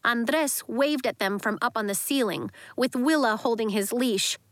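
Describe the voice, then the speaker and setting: A woman narrating a children's story in a lively, expressive way. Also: fairly high pitch, unhurried, no echo. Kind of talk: audiobook narration.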